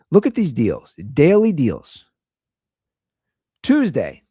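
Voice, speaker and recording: A podcast host delivers a casual comedic rant on his own show, telling a story and repeating lines in disbelief for laughs. He's an animated storyteller whose voice swings between loud and low. The studio recording is clean with no echo.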